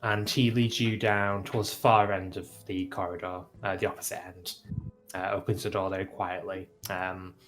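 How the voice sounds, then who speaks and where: A man narrating as game master in a tabletop game, relaxed with many fillers. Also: low voice, normal speed, soft background music.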